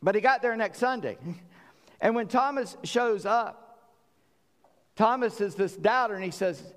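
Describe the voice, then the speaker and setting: A man's voice: high-pitched, measured pace, pauses often, long reverb tail. A man preaching a sermon, telling stories animatedly as he acts out voices. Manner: animated storytelling, acting out voices. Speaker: pastor.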